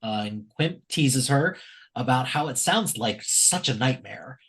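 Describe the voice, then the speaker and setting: A man's voice: medium pitch, lively intonation, unhurried. Chatty male co-host recapping an episode. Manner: chatty, recounts the plot with frequent fillers. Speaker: podcast co-host.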